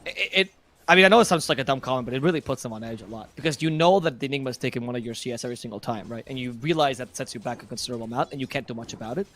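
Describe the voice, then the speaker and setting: A man's voice: medium pitch, rapid-fire, fairly bright tone. A man from Spain, speaking English as a second language, giving chatty, opinionated live commentary on a match. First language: a regional language of Spain. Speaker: esports commentator.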